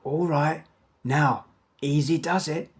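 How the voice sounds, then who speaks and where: A man voicing a slow-witted male crook who talks in a hushed, hissing way, in a storybook reading. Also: a little high, slightly rough.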